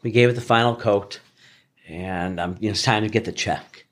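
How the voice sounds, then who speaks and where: A man's voice: on the low side, moderate pace. Plainspoken middle-aged tradesman, earnest, casual storytelling. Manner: earnest, plainspoken, often restarts phrases. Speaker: flooring contractor guest.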